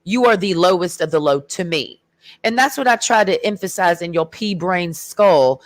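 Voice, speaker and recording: A woman's voice: on the low side, measured pace, dry recording. A woman ranting in a heated, sarcastic and profane way in a casual vlog. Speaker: vlogger. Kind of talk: casual rant.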